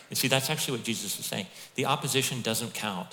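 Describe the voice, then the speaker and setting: A middle-aged pastor delivers a sermon at a quick pace in a medium-pitched voice, telling stories in a lively, conversational manner and tossing asides to the congregation. The recording carries a long hall reverb.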